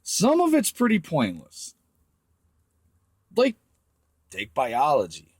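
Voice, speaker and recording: A man's voice: on the high side, wildly swooping pitch, slow, breathy edge, dry recording. A man ranting crudely to young viewers, swearing constantly as he gives blunt advice. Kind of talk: profane rant to camera.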